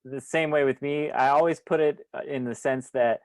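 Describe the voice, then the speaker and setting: A man's voice: medium pitch, fairly even intonation, moderate pace, darkish tone, clean tone, no echo. A man hosts a podcast in a laid-back, encouraging way, swearing casually. His voice sits mid-range, and the sound is dry and close. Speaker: podcast host.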